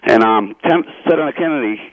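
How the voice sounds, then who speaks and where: A man's voice: medium pitch, animated, a little fast, no room sound. Male veteran caller, plain-spoken, dry, tinny phone line. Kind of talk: phone-in tribute.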